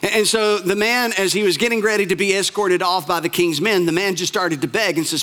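High-voiced male preacher telling a story. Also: bright, forceful tone. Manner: repetitive, emphatic, slows on key words. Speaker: pastor. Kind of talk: sermon storytelling.

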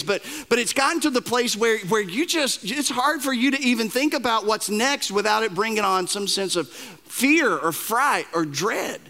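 A man's voice: very high voice, sharp tone. A man preaching a sermon as pastor, telling stories with self-deprecating humor and often repeating words as he starts a sentence.

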